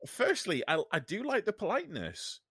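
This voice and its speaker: A man's voice: sits high, wildly swooping pitch, normal speed, bright, forceful tone, breathy edge, dry recording, clean studio sound. A man hosting a casual chat, joking and teasing his guests. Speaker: podcast host.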